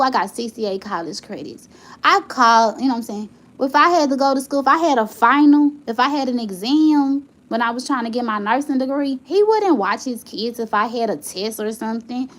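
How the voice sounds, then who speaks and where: A high-pitched woman vents to the camera. She talks in a heated, rambling way and circles back over the same points. It sounds like a candid home vlog. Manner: heated, rambling, repeats herself when upset. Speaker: vlogger.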